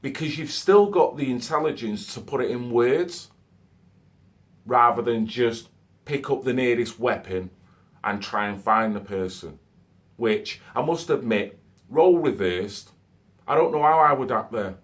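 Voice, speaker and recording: Speaking at a medium pitch and a little slowly, this male vlogger rambles conversationally to camera. He keeps sprinkling in phrases like "so to speak" and "okay?"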